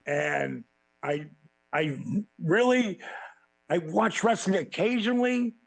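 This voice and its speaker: A man as a podcast guest telling profane, animated stories and acting out quotes. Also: sits high, slow, creaky, low-quality recording. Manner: animated, swearing freely, acts out quotes. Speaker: podcast guest, former wrestling champion. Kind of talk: profane storytelling in a podcast interview.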